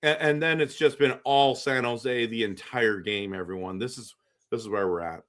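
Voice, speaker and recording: A man's voice: mid-range voice, moderate pace, fairly bright tone. A man hosting a casual live stream, reacting to a hockey game and reading viewer comments, rambling and repeating himself. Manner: rambling, repeats himself, reads chat aloud. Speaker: livestream host.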